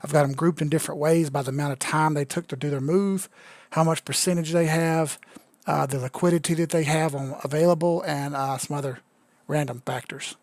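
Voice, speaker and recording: A man's voice: on the high side, fairly even intonation, a little fast, a little mellow, no echo. Tipsy, joking man on a live stream. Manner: loose, joking, profane, says he is drunk. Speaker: crypto chart analyst streamer. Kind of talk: casual live-stream commentary.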